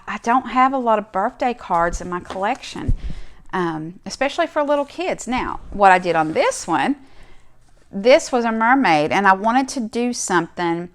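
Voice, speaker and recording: A middle-aged woman hosting a crafting video, chatting casually and enthusiastically as she shows off her handmade cards. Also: medium pitch. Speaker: crafting channel host. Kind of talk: casual show-and-tell vlog.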